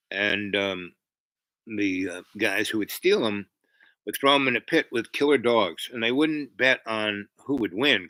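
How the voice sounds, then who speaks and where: A man hosts a livestream and drifts through a long story, stopping often to restart his sentences. His voice sits a little low but sounds bright and forceful. The sound is close and dry. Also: dry recording, rough recording. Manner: meandering, frequent fillers and restarts. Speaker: livestream host. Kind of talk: rambling storytelling to chat.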